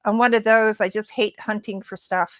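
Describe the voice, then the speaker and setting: A woman chats casually and at length, pausing now and then with fillers. Her voice sits at a middle pitch, and it sounds dry and close. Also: fairly even intonation, a bit bright, no echo. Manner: chatty, talks at length about staying organized, some hesitations. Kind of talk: casual chat.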